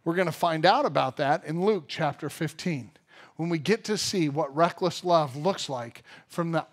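A man preaching a sermon at a church service, telling funny everyday stories and acting out the voices in them. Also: a little high. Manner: animated storyteller, acts out funny everyday scenes. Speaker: pastor.

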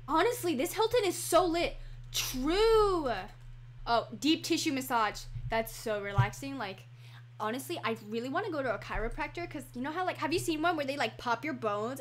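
A high-voiced woman talks through her game on a desk microphone. She is chatty and easily excited, with her sentences running on through fillers and restarts. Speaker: gaming channel host. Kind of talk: casual game commentary. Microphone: computer microphone.

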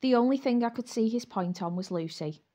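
Woman, audiobook narrator, first-person romance, lively, frank. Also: on the high side, a little fast.

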